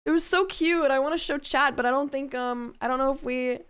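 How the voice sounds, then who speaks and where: Giggly high-voiced young woman streamer. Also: a little fast, a bit bright. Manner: giggly, bursts into laughter and squeals, swears freely. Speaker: VTuber streamer. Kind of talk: casual livestream chat with viewers.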